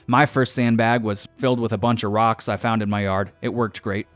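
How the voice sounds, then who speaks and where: A man's voice: fairly low pitch, steady tone, normal speed, a bit bright, no room sound, faint music behind. A man, a strength coach, giving a confident, emphatic scripted voice-over with direct advice.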